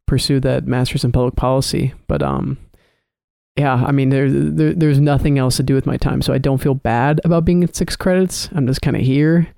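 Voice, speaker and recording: A young man in his early twenties co-hosts a podcast in an easygoing, chatty way, sometimes stumbling over his first words. His voice has a gravelly edge and a warm, mellow tone. The sound is close and dry, with no room behind it. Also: mid-range voice, moderate pace, no room sound. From Chicago area. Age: early 20s. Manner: relaxed, repeats words when starting sentences. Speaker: podcast co-host. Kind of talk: casual chat.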